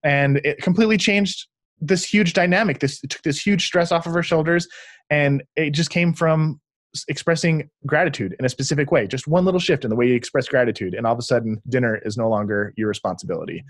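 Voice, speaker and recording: A man's voice: a little high, a little fast, no room sound. A young adult man, a relationship researcher, talking as a podcast guest and telling stories with enthusiasm, acting out quoted lines. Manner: enthusiastic, acts out quoted speech. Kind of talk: conversational storytelling.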